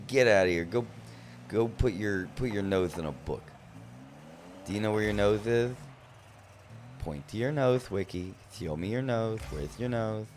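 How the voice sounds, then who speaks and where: A man's voice: lowish voice, animated, measured pace, long pauses, a little mellow, slight background noise. A man casually commentating his own gameplay on a live stream, playfully teasing his chat. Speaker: gaming streamer.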